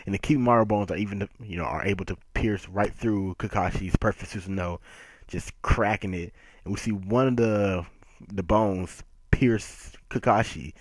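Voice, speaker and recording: Brief: low-voiced male reviewer, emphatic and joking, dry close sound. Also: normal speed, no echo. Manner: animated and emphatic, laughs often. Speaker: manga reviewer. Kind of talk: casual chapter review.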